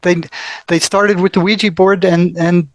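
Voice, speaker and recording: A man's voice: sits high, flat delivery, moderate pace, no echo. An older man, a retired therapist as a guest, speaking emphatically and often repeating himself. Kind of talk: conversational interview.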